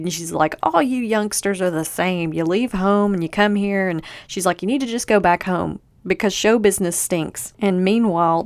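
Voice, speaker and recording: A woman's voice: lowish voice, no room sound. Chatty woman recapping an old show. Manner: chatty, acts out quotes from the show. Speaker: podcast host. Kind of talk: casual episode recap.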